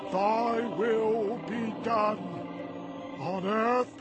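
A man's voice: sits high, steady tone, extremely slow, over loud music. An actor playing a young man murmuring a solemn prayer. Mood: prayerful. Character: young man praying before his death.

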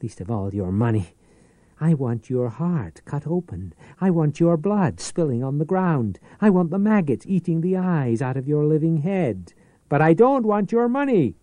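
A man's voice: fairly low pitch, animated, unhurried, mellow, no echo. A man reading aloud, voicing a wizened, bitter old pawnbroker who snarls and shrieks with sour hatred. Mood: venomous. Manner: snarling, sour, rising to screams.

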